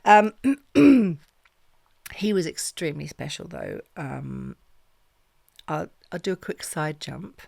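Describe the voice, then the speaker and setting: A middle-aged woman, a podcast guest, talks in a low, gravelly voice. She swears freely and acts out the dialogue. The sound is close and dry. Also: expressive, slow pace, long pauses, darkish tone, dry recording. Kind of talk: casual storytelling chat.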